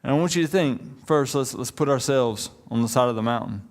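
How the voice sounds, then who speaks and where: A pastor in his thirties with a drawl delivers a relaxed, chatty sermon. He jokes with the congregation and talks to them like old friends, at an ordinary middle pitch for a man. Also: a little fast. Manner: conversational, joking, uses y'all.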